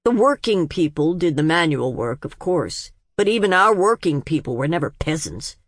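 A woman's voice: low-pitched, big pitch swings, normal speed, no room sound. A woman doing a dry, cold old patriarch. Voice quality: dry, clipped voice. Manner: cold, curt pronouncements. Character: stern, dismissive, proud older male city patriarch.

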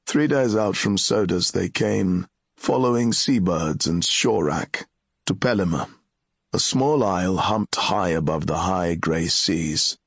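A man narrating a fantasy audiobook in a measured, solemn storytelling manner. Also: low voice, animated, vocal fry, slightly rough, no echo, studio quality.

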